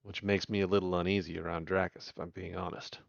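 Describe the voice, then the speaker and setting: Man, game player, very deep voice, calm, dry, dull lo-fi mic. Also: creaky, dry recording. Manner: calm, measured reasoning. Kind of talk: playing a tabletop role-playing game.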